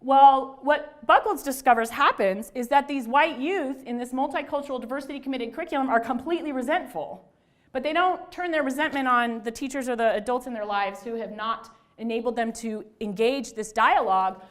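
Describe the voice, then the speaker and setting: A middle-aged woman lecturing to a live audience on religion and society. She talks in a conversational, self-deprecating way, full of asides and restarts. Her voice sits a little high for a woman. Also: brisk. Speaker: religious studies scholar and lecturer.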